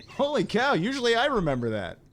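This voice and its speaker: A man's voice: very high-pitched, huge pitch swings, fairly quick. A man co-hosting a podcast, who teases the host in playful, casual chat. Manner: teasing, playful.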